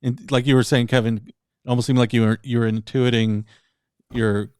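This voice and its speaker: A man's voice: mid-range voice, flat delivery, moderate pace, darkish tone, smooth, dry recording, clean studio sound. A man in casual chat, telling a story in a rambling way, often laughing and slipping into other voices. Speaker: podcast co-host.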